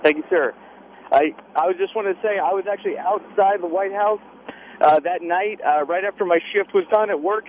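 A man's voice: high voice, normal speed, phone-quality sound, a little hiss or hum. A young man calling into a talk radio show, an Air Force veteran. He speaks politely and deferentially. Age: young adult. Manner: polite, deferential, says sir. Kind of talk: phone-in talk.

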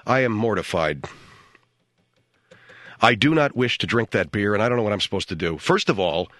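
A man's voice: on the low side, lively intonation, normal speed, fairly bright tone, dry recording. A male radio talk show host on a comedy show, talking in a flustered, hesitant, apologetic way into a studio microphone.

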